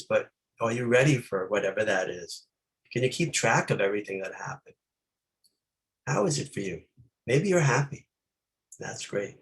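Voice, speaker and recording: Meditation teacher, male, mid-range voice, reflective questioning delivery with pauses. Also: medium pitch, poor audio. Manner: reflective, asking many gentle questions, with pauses. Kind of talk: meditation dharma talk.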